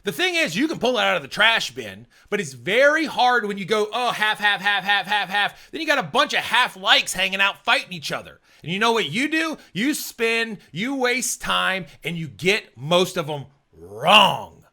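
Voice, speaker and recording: Guy coaching test takers, high bright voice bouncing all over, slangy and hyped. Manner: animated, slangy, acts out student thoughts in quick asides. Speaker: exam prep coach. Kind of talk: energetic tutorial talk to camera.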